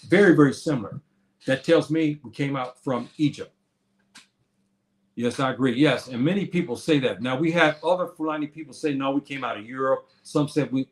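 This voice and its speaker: A middle-aged man giving an informal, emphatic lecture, repeating his points and calling his listeners brothers and sisters. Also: on the high side. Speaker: speaker on history and religion.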